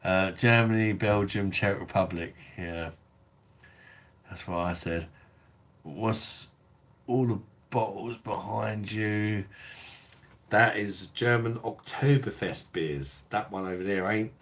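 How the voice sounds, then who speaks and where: A tipsy middle-aged man chats loosely on a live stream, swearing and calling everyone mate. His voice sits very low and deep. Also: slow pace, a bit bright. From England. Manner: blokey, sweary, reads out viewer comments. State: tipsy from drinking. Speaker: beer review channel host. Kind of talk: casual live stream chat.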